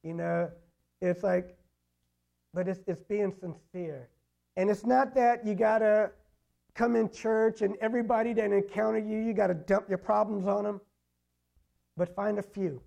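High, gravelly-voiced male preacher. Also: warm tone. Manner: conversational preaching with many "you know" fillers and repetitions. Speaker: pastor. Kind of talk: sermon.

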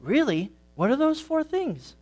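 A man voicing a young male lamb, cheerful and carefree, reading him aloud from a storybook in a pitched-up voice. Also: huge pitch swings, measured pace, darkish tone, soft background music, exaggerated voice. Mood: curious.

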